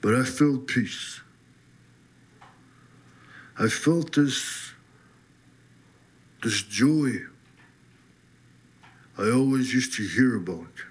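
A man slowly telling his personal faith testimony, husky voice, getting lively as he retells being set free. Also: medium pitch. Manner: slow storytelling, lively when retelling his release. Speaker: testimony speaker.

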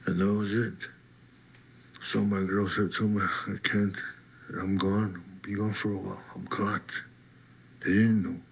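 A man slowly telling his personal faith testimony, husky voice, getting lively as he retells being set free. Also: low voice. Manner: slow storytelling, lively when retelling his release. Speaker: testimony speaker.

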